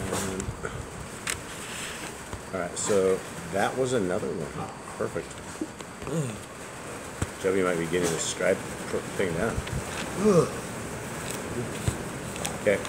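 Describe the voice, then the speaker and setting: A man checking dictated text as a proofreader, asking quick questions in a relaxed, encouraging way. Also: deep voice. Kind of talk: casual chat. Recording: noisy room, voice off-mic.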